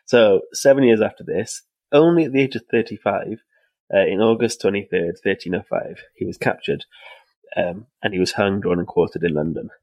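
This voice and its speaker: Young male co-host, low voice, dry close sound, loose rambling delivery. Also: normal speed, darkish tone, no room sound, low-quality recording. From Wales. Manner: rambling, many fillers and restarts, laughs often. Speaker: podcast co-host. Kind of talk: casual history podcast chat.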